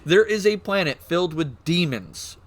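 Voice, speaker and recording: A man streaming, excitedly explaining game lore in casual chat, swearing and laughing. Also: high-pitched, moderate pace.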